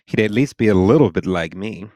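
A young actor playing a teasing family friend in a radio drama. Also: male voice, on the low side, expressive, brisk, darkish tone, close to an everyday voice. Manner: teasing, laughing.

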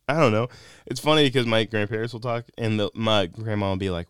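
A man's voice: lowish voice, normal speed, clear, resonant tone, dry recording. A young man from the North Carolina mountains hosting a podcast, joking and telling stories in a casual chat into a studio mic. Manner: playful, joking, storytelling with quoted voices. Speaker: podcast host.

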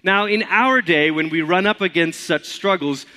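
A man's voice: sits high, normal speed, pushed and bright. A male pastor opening a sermon in a church, speaking in a friendly, chatty, conversational way. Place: church sanctuary.

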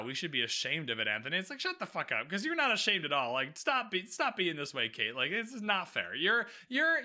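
A man hosting a casual solo podcast recap, animated and sarcastic, swearing freely and laughing often. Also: on the high side. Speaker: podcast host recapping a TV episode.

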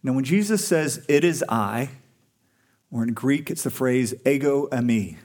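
A man's voice: medium pitch, a little slow, darkish tone. A male pastor preaching a sermon to a congregation in a conversational, earnest way, pushing up for emphasis on key points.

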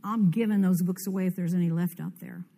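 An older woman preaching a conference sermon, fervent and commanding, with sudden loud rises in her declarations. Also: fairly low pitch, steady tone, quick pace, gravelly. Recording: long hall reverb.

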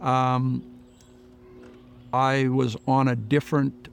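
Gravelly guy telling his faith story in an interview, earnest, keeps going "i said, i said", soft music under it. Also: mid-range voice, flat delivery, slow. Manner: earnest storytelling, retelling dialogue with many "I said" tags. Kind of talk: personal testimony in an interview.

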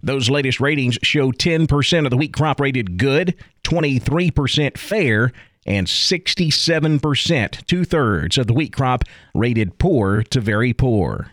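A man's voice: medium pitch, expressive, measured pace, dry recording, clean studio sound. A man hosting a radio farm news show, delivering the script in a folksy, enthusiastic way.

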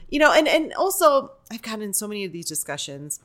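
A woman's voice: medium pitch, sing-song, fast talker, few pauses, fairly bright tone. Chatty woman telling candid stories. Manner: chatty, digressive, many fillers like "like" and "you know"; acts out quoted voices while telling stories. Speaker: podcast guest, actor and improviser. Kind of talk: candid conversational storytelling.

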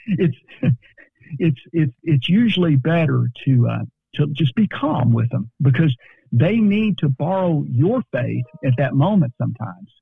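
Male podcast guest, counselor, earnest, stumbles on repeated words, gravelly husky voice over a dry phone-like line. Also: a little high, very animated, a little slow, no echo. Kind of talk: podcast conversation.

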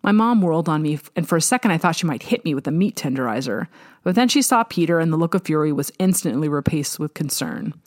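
Low-voiced woman narrating a novel. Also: darkish tone, no echo, clean studio sound. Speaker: audiobook narrator. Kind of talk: first-person novel narration.

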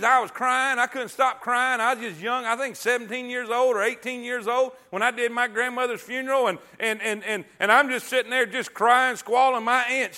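A middle-aged man preaches in a church, his voice sitting very high and ringing bright. He talks in a folksy, call-and-response way, asking the room for amens and telling homespun stories. He rises into loud bursts when he voices what God says. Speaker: pastor. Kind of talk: sermon. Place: church sanctuary.

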